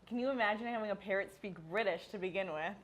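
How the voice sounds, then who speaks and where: A woman's voice: mid-range voice, fast talker, crowd noise. A young woman co-hosting a show in casual chat, playful and teasing. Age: young adult. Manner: playful, laughs along, teasing. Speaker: co-host.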